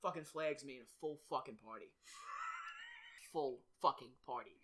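A man's voice: medium pitch, normal speed, a bit bright. A man hosting a podcast in casual chat, rambling, swearing and often laughing. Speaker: podcast host.

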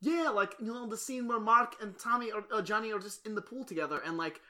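A man co-hosting a podcast in casual chat, telling animated stories, swearing and acting out quotes. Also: sits high, fast talker. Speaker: podcast co-host.

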